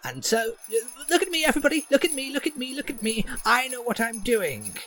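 Shrill masked jester, sing-song taunting, man putting on a high lively voice. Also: fairly quick, soft background music, heavily acted. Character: capering masked male jester, mocking and shrill.

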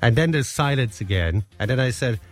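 A man's voice: mid-range voice, lively intonation, a little fast, soft background music. A man, co-hosting a show, chatting casually and rambling through a story with frequent chuckles. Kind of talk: casual chat.

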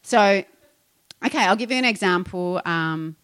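Middle-aged woman pastor, chatty sermon voice, mid pitch, acts out her own grumbles. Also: a little slow. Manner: conversational, animated, acts out her own complaints.

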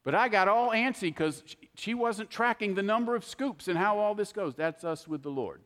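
An older man preaching a sermon, telling folksy stories in an animated, heartfelt way. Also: high voice, normal speed, long reverb tail. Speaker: pastor.

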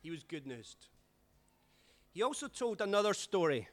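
A man, a pastor telling stories in a sermon with dramatic swings in loudness. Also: high-pitched, very animated, normal speed. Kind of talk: sermon storytelling.

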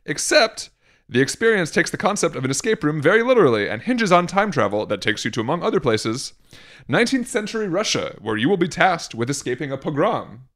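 Male podcast co-host, animated delivery, dry sarcastic commentary on news. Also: on the high side, fast, few pauses. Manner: reads news items aloud with sarcastic asides. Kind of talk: casual news chat.

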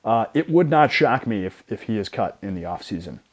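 A young man co-hosting a casual sports podcast, retelling a gym story in an animated way with lots of restarts. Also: on the low side, fairly quick. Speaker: podcast co-host.

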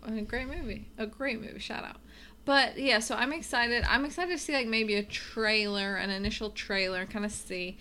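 A woman's voice: fairly high pitch, moderate pace, bright, forceful tone, slight background noise. A woman co-hosting a podcast in casual chat, emphatic and opinionated. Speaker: podcast co-host.

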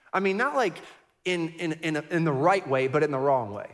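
A man's voice: fairly high pitch, expressive, a little fast, fairly bright tone, big-room sound. A middle-aged man, a pastor, preaching a sermon and telling a personal story in an earnest, reflective way, often repeating and restarting his words. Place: church sanctuary.

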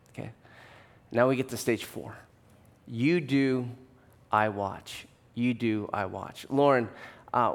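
A male pastor preaching a sermon, his voice rising and pressing hard on key points. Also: a little high.

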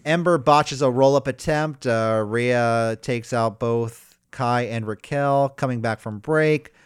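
A man's voice: takes it slowly, smooth, dry recording, studio quality. A man co-hosting a casual wrestling podcast, recapping matches in a loose, swearing, joking way. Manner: animated, loose, swears, mocks wrestlers in high shouted voices.

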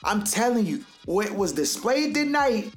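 A man's voice: sits high, very animated, measured pace, soft background music. A man hosting a podcast, giving a casual, emphatic and rambling sports commentary, forever calling the listener dog and bro. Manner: rambling, with many restarts. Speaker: podcast host.

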